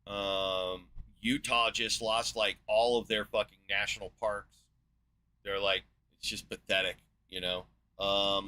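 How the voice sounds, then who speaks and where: A man's voice: lowish voice, sharp tone. A man in his forties from the United States, ranting in a sarcastic, profane monologue as a podcast host. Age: 40s.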